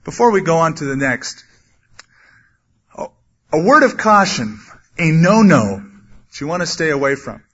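A man preaching a sermon, earnestly teaching from the Bible and acting out quotes with sudden loud bursts. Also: fairly high pitch, very animated, normal speed, long pauses, husky. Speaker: pastor. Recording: dull lo-fi sermon recording.

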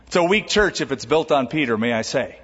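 A man preaching a sermon as a pastor, lively and conversational, with jokes along the way. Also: medium pitch, fairly quick, breathy edge. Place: church auditorium. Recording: dull recording with long hall reverb.

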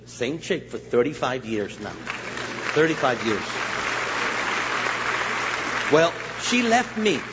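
A man from Los Angeles County preaching his testimony as a guest speaker in a church, an animated storyteller who acts out voices and jokes with the crowd. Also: medium pitch, slow, pauses often, heavy background noise. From Los Angeles County, USA. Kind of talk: sermon testimony. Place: church sanctuary. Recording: echoey hall, slightly dull sound.

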